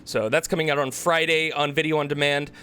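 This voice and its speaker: A man's voice: a little high, little pitch movement, bright, forceful tone, clear, resonant tone. Man running a casual movie news roundup. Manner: brisk listing of releases with quick asides. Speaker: podcast host.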